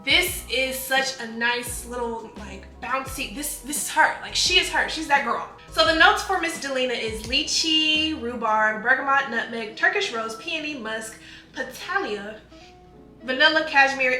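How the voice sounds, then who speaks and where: Young female beauty vlogger, bright, enthusiastic and chatty, recorded in a roomy space. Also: high voice. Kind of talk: casual fragrance review. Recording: echoey room.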